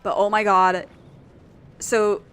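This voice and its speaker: A woman streaming a video game, chatting in a rambling, animated way and swearing freely. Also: medium pitch, slow, smooth, faint music behind. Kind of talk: casual gameplay chat.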